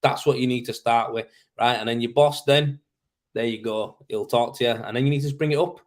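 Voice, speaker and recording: A man's voice: medium pitch, fairly even intonation, brisk. A man, hosting a casual live stream and giving blunt, matter-of-fact advice full of slang, laughing easily. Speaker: host. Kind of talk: casual live-stream chat answering comments.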